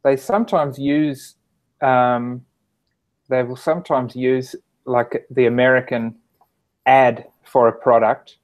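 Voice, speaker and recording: Australian man, measured casual chat. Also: medium pitch, steady tone. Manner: measured and searching for words, with "um" pauses.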